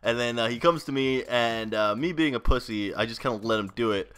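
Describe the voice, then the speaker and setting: A man's voice: mid-range voice, fairly quick, fairly bright tone, clear, resonant tone. A young man hosting a gaming channel, telling a story in a rambling, casual way, swearing and laughing often. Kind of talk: casual storytelling over gameplay.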